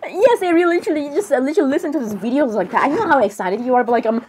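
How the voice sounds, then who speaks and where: A woman's voice: sits high, animated, rapid-fire, noisy background. A young woman in comedic role-play, reacting to clips, giggling, flustered and apologizing a lot.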